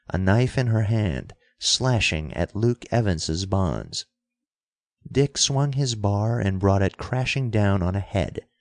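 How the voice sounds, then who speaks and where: A man narrating an adventure story in a steady, measured and dramatic audiobook style. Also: fairly low pitch, dry recording.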